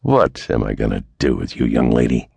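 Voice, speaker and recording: A man voicing a cool, wry 1930s male private detective who talks in a dry, unhurried way in an audiobook. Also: very deep voice, animated, vocal fry, darkish tone, husky, no room sound, pitched below the performer's own voice, heavily acted. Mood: sardonic.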